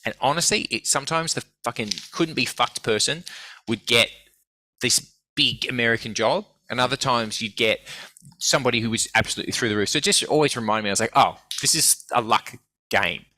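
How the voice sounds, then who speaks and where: This man, a guest, speaks briskly in a mid-range voice while sharing casual anecdotes. His storytelling is animated and full of swearing, with quoted voices acted out.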